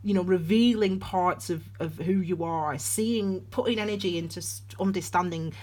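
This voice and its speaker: A woman's voice: lowish voice, normal speed, darkish tone. A woman giving a casual tarot and astrology reading, rambling and chatty with many restarts, calling her viewers darlings. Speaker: tarot reader.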